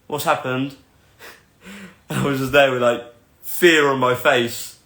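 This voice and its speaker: A man's voice: medium pitch, slow, pushed and bright, roomy sound. A man in his thirties telling a personal motivational story in an emphatic, earnest way, repeating phrases for effect. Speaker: motivational vlogger.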